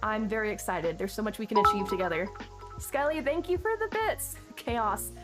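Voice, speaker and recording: A woman's voice: mid-range voice, lively intonation, normal speed. A woman streamer chatting casually on a live stream, thanking viewers effusively and rambling with lots of restarts. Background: background music.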